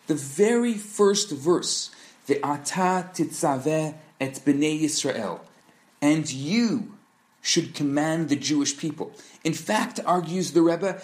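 Teaching a Torah lesson through scripted narration, the man explains in a measured manner and asks rhetorical questions. His voice is on the high side.

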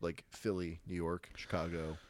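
A man co-hosting a podcast, talking excitedly in casual chat and swearing. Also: deep voice, moderate pace, no room sound. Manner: excitable, swears, lots of filler words. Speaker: podcast co-host.

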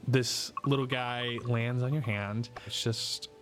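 A man narrating a tabletop role-playing game as game master, describing scenes in a relaxed way with frequent fillers. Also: medium pitch, slow pace, faint music behind.

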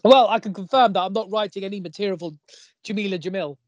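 A man's voice: high voice, fast, no room sound, highs cut off. A man co-hosting a comedy podcast, chatting casually with dry humor and frequent laughs. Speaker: podcast co-host.

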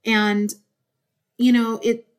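Extremely slow and flat, her voice sits on the high side with a clean tone. She's an adult with a desk job hosting her own podcast, speaking warmly and earnestly from the heart in a rambling monologue and getting teary.

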